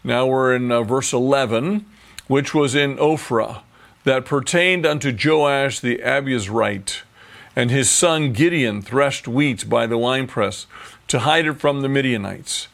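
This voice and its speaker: A man with a gravelly, mid-pitched voice teaches from the Bible. He reads each passage aloud, then stops to explain it in plain, everyday words. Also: measured pace, fairly bright tone.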